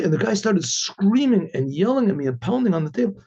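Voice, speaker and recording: A man with a high, husky voice tells a story as a rabbi, acting out the people in it and often clearing his throat and restarting words. His tone is mellow and dark. The recording is dull and lo-fi. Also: fairly quick. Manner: animated retelling with acted quotes, frequent throat-clearing and restarts. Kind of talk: storytelling talk.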